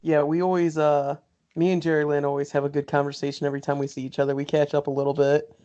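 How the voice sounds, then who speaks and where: A man's voice: fairly high pitch, little pitch movement, fast, warm tone, lo-fi sound. A man co-hosting a podcast in laid-back casual chat, laughing often and quoting others. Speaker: podcast co-host.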